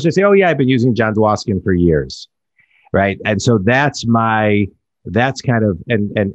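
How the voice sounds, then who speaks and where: A man's voice: on the low side, no room sound, muffled recording. A man talking as a business coach in a casual podcast conversation, rambling and restarting his phrases.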